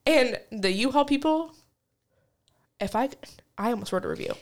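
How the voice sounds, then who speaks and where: A woman talks in a loose, venting chat, her voice sitting a little high. She is blunt and quick to curse, and she leans on fillers as she rants. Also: animated. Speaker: podcast co-host. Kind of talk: casual chat.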